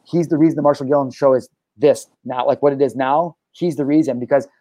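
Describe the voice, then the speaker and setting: A young adult man hosting a podcast, telling stories in an excitable, profane, casual way, full of bro and dude. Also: medium pitch, brisk, no room sound. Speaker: podcast host. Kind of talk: casual chat.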